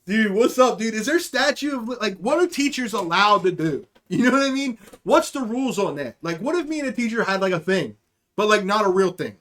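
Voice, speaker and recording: A man with a high-pitched voice tells a crude, rambling story in a casual podcast monologue. He jokes and curses freely while he talks to his listeners. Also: animated, fairly quick, a bit bright. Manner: rambling, profane, jokey. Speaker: podcast host.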